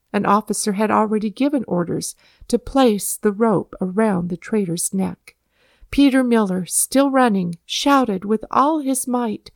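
A woman narrating a historical storybook in a calm, measured reading voice. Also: mid-range voice, gravelly, dry recording.

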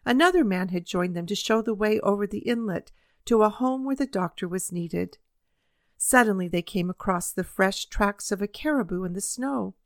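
A woman narrating a children's story in an even, measured reading voice. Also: mid-range voice, no room sound, studio quality. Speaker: audiobook reader.

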